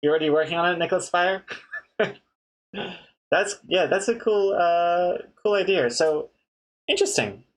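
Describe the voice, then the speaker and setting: This comic artist streamer speaks in a high-pitched voice at ordinary speed, leaving long pauses. Chatting loosely with his audience, he reads their messages out loud and laughs at their jokes while joking back.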